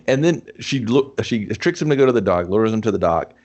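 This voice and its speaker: A man co-hosting a casual movie review podcast, rambling in a relaxed way, swearing often and saying dude a lot. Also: on the low side, moderate pace, dull audio. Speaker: podcast co-host. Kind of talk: casual film review chat.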